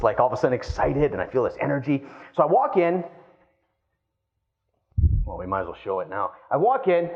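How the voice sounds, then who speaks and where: Male keynote speaker, slightly high voice, animated storyteller, muffled lo-fi capture. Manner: animated storytelling, addresses the crowd as guys. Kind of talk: live keynote speech.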